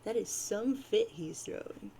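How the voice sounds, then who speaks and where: A woman's voice: mid-range voice, normal speed, gravelly, dark tone, slight background noise, low-quality recording. A woman casually reading a webcomic aloud, with playful, wry asides. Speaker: reader of a webcomic.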